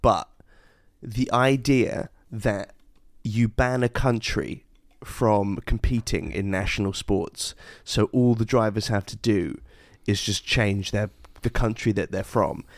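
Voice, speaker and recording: Man, low-pitched, jokey casual podcast talk, dry close mic. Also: no room sound. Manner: animated, jokey, does silly voices. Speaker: podcast co-host. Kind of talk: casual comedic chat.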